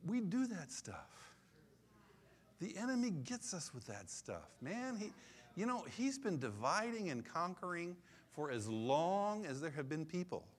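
A man in his sixties preaching a sermon in an animated, conversational way, repeating his key phrases. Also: high voice, a little slow. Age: 60s. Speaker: pastor.

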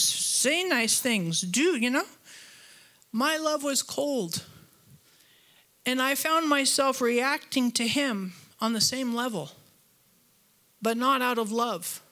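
A woman preaching a sermon in a chatty, storytelling way, mixing humor and asides with scripture. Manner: animated, voice jumps higher when retelling conflict. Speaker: pastor.

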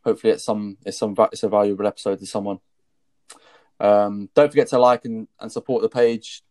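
A man's voice: on the low side, steady tone, fairly quick, warm tone, dry recording. A man co-hosting a casual podcast chat, laid-back as he wraps up the episode. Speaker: podcast co-host.

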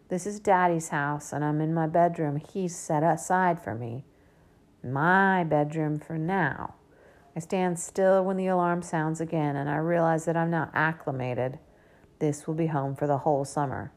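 A woman narrating a first-person children's story in a lively, expressive way. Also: sits low. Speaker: audiobook narrator.

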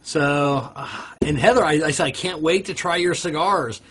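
A man's voice: on the high side, normal speed, fairly bright tone, a little hiss or hum. A man co-hosting a casual cigar podcast, rambling with many fillers and restarts. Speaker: podcast co-host.

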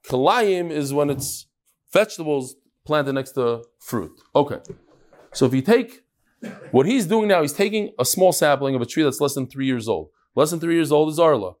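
A man teaching a Talmud class, reading Aramaic lines and explaining them in English in a lively, questioning way. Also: on the high side, moderate pace.

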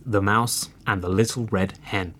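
A man reading a folk tale aloud as a storybook narrator, expressive and unhurried. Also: fairly low pitch, over music.

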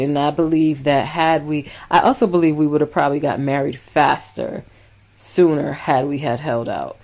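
A woman co-hosting a couple's podcast, telling her side with animated, emphatic storytelling. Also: sits low. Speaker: podcast co-host. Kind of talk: casual couple's podcast chat.

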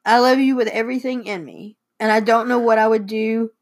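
A woman's voice: fairly high pitch, fairly even intonation, brisk. A young woman, a daughter co-hosting, reading heartfelt letters aloud and fighting back tears. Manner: tearful, emotional reading. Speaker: co-host and daughter.

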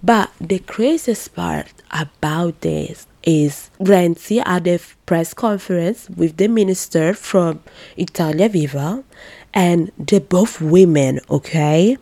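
A young woman from Italy hosting a podcast, talking in a casual, animated and emphatic way, full of fillers and exasperated asides. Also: on the low side, slow, creaky, dry recording. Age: young adult. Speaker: podcast host. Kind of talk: casual solo commentary.

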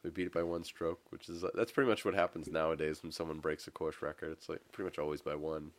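A man co-hosting a casual golf podcast, rambling through stories and getting animated when excited. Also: rumbling low, fast, no echo. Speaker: podcast co-host. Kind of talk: casual chat.

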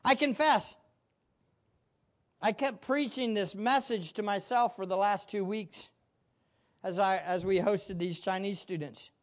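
A man's voice: sits high, unhurried, long pauses. Male pastor, sermon delivery, earnest with rhetorical questions, dull lo-fi audio.

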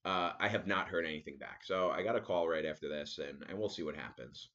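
Low-voiced man ranting on a podcast. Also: brisk, muffled recording. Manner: animated ranting storyteller. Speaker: podcast host. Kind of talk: casual solo podcast monologue.

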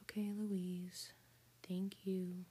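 A woman's voice: fairly low pitch, flat delivery, drawn-out words, mellow, heavily acted. Whispered role-play, lady whispering as a gloomy self-pitying restaurant guy, super airy. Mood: weary. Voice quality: breathy whisper. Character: glum middle-aged male restaurant owner, self-pitying.

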